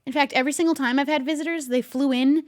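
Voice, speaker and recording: A woman streaming a game, chatting and playing along with an unseen visitor, easily startled and quick to gasp and laugh. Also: sits high, steady tone. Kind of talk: casual gameplay commentary with light role-play.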